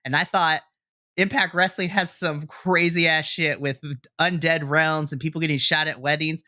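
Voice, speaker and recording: Young male podcast co-host, excitable recapper, crisp bright tone, dry close sound. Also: on the high side, moderate pace, dry recording. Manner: excitable storyteller, swears, acts out reactions. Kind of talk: casual wrestling recap.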